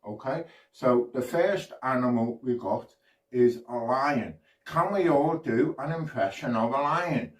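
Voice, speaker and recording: A man's voice: medium pitch, a little slow, reverberant, recorded from a distance, low-quality recording. A man from the UK performing a playful children's magic routine, prompting the audience to join in.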